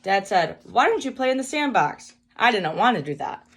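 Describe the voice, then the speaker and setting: A woman reading a children's book aloud in a slow, emphatic storytelling manner. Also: mid-range voice, sing-song, fairly bright tone.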